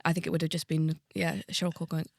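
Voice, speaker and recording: A woman comedian guest chatting on a podcast, telling quick anecdotes. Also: sits low, completely flat delivery, creaky, no room sound, studio quality. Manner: quick anecdotes, does silly voices. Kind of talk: casual chat.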